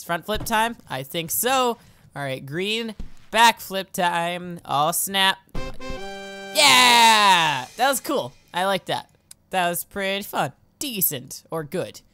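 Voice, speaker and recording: A young woman commentating on a video game, excitable and giggly, yelping and shouting at what happens on screen. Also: on the low side. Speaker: let's play host.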